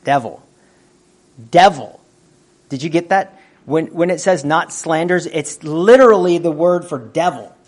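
Speaking in a fairly high voice, this man delivers a sermon like a conversational lesson, frequently questioning his audience and clearing his throat along the way.

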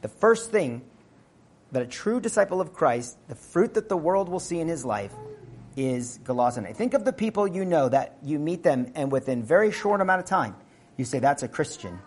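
A man preaching a sermon, earnest and emphatic, moving between loud stressed phrases and quiet asides. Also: fairly high pitch, big pitch swings, normal speed, a little hiss or hum.

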